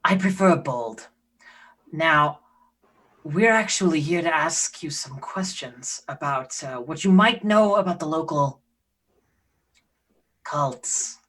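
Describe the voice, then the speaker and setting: A player at a tabletop role-playing game who speaks up in an upbeat, forthright way at a middle pitch. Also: slow, long pauses, fairly bright tone. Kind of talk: casual tabletop play.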